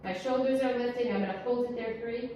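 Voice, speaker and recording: In a fairly high, mellow voice, a woman talks fast as she guides a Pilates class through breathing and counts, keeping it chatty and encouraging with small jokes. The mic sits some distance away in an echoey room, with slight background noise.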